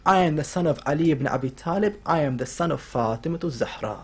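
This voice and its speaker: A man's voice: fairly high pitch, lively intonation, quick pace, husky. A man giving a mourning sermon, telling a story and voicing its figures, his delivery growing more emotional as it goes. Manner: storytelling, quoting figures with rising emotional intensity. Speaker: religious speaker. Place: lecture hall.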